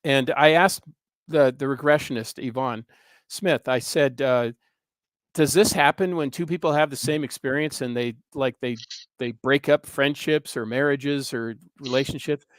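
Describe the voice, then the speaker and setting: Male guest, 60s, smooth and resonant tone, earnest rambling storyteller. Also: mid-range voice, moderate pace, no echo. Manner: earnest, rambling anecdote with frequent hesitations. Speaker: guest, history professor and author. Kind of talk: casual interview storytelling.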